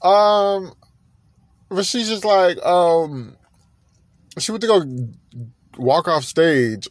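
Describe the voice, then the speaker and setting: A man hosting a podcast, chatting in a gushing, animated way and repeating himself often. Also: sits high, drawn-out words, no room sound. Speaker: podcast host. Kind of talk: casual music gossip chat.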